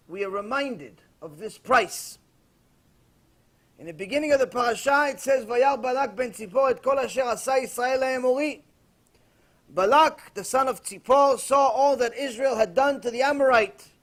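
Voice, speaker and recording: Male rabbi, very high voice, animated storytelling sermon with a sarcastic edge. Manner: animated storytelling with acted quotes.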